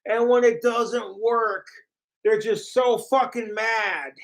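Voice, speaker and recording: Man, high-pitched voice, unhurried drawl, profane mocking rant, home live stream. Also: fairly even intonation. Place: home apartment.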